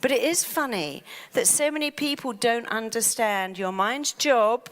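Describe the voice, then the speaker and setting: A woman giving a motivational talk who acts out the mind's inner voice in an animated way. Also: a little high, a little slow. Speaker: therapist and speaker. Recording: long hall reverb.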